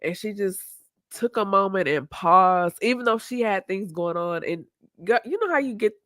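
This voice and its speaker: A woman's voice: medium pitch, lively intonation, normal speed, fairly bright tone, no echo, clean studio sound. A woman hosting a live online talk, speaking openly and reflectively and laughing easily. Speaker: host. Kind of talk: candid live-stream conversation.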